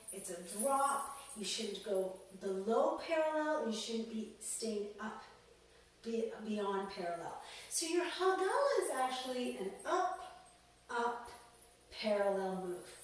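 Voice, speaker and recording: A woman leads a belly dance class, counting beats calmly as she moves. Her voice sits a little high and she talks slowly. She is recorded from across a very echoey studio, with a faint hiss underneath. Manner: calm, counts out beats while demonstrating. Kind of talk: instructional dance lesson. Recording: echoey room, mic far off, faint noise.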